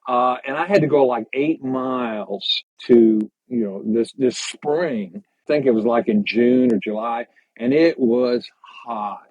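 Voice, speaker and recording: An older man, a podcast guest, telling hiking stories in a halting, unhurried way during a casual interview. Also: mid-range voice, a little mellow, no echo. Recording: slightly dull lo-fi sound.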